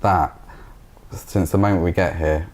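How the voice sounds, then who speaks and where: A man's voice: low voice, fairly even intonation, unhurried, a little mellow. A man speaking as a guest in a casual spiritual conversation, reflective and thoughtful.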